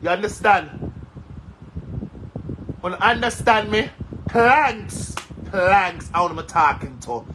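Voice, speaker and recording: A man with a Jamaican accent, a social media commentator, angrily rants at his followers, cursing and repeating himself. His voice sits high and sounds bright and forceful, animated yet slow with frequent pauses. The rough recording has slight background noise.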